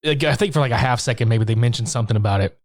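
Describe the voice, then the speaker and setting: A man's voice: medium pitch, racing, no echo, studio quality. A man co-hosting a podcast, casually recapping a movie with lots of swearing and jokey mock voices. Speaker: podcast co-host. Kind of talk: casual chat.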